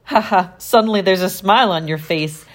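Hearty, friendly janitor, loud and jolly, done by a woman. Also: moderate pace, natural voice. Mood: cheerful. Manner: hearty, booming.

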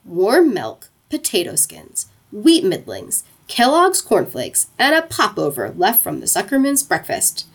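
A woman narrating a children's storybook aloud in an expressive, playful way. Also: mid-range voice, a little slow, hardly any pauses, slightly rough.

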